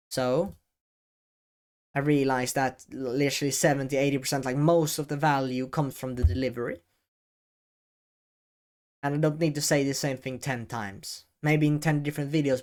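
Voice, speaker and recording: A man giving talking-head advice as an educational video creator, speaking deliberately with frequent pauses, stressed key words and casual swearing, seated at a desk mic. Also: medium pitch. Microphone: desk microphone, seated at camera.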